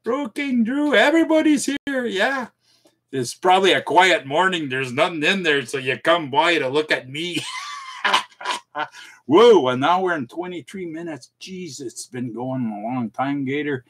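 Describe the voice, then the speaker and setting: A man's voice: on the high side, a little slow, a bit bright. A middle-aged man hosts a casual live stream from his home computer, chatting folksily with viewers, mocking himself and chuckling often.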